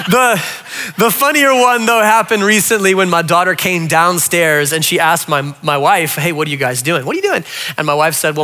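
A man, preaching a humorous sermon and telling stories with quick voiced asides. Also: high-pitched, pushed and bright. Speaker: pastor.

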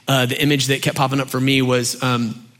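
A middle-aged man preaching a sermon in a loose, conversational way, full of fillers, dropping soft for key points. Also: medium pitch, a little fast. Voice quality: animated storyteller, acts out shouting parents. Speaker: pastor.

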